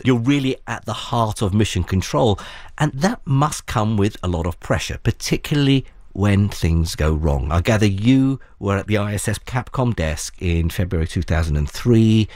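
A man hosting an interview, asking measured, attentive questions. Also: lowish voice, lively intonation, darkish tone, no room sound, clean studio sound.

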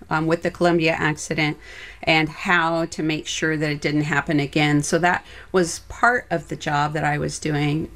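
A woman, a former flight director, answering interview questions in an earnest, reflective way. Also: deep voice.

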